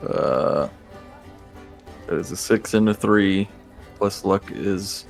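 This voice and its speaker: A man's voice: sits low, takes it slowly, creaky, faint music behind. A man playing in a tabletop game, offhand and playful as he announces his moves. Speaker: player. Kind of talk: casual tabletop play.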